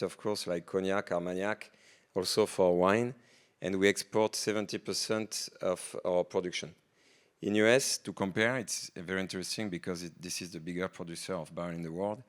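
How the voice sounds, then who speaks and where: A man with a French accent presents at a conference in a hall. His voice sits very low and hardly moves in pitch, yet it comes through smooth and clear. He speaks haltingly, with frequent filler sounds and restarts. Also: fairly bright tone. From France.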